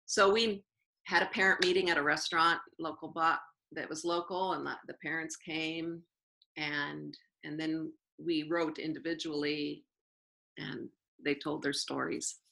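A woman teacher answers interview questions in an earnest, animated storytelling way, often restarting her sentences. Her voice sits low with a gravelly fry, yet it sounds bright and forceful. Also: unhurried, rough recording.

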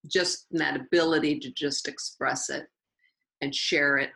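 A woman's voice: low voice, unhurried, vocal fry, rough recording. A woman teacher telling stories in an interview, acting out quoted dialogue and circling back to repeat her phrases. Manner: lively storyteller who acts out quoted dialogue and repeats phrases. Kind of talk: storytelling in an interview.

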